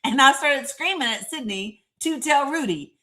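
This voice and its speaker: A woman hosting a casual live stream, chatting, reading viewer comments aloud and often laughing and clearing her throat. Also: high voice, expressive, moderate pace, sharp tone. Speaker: livestream host.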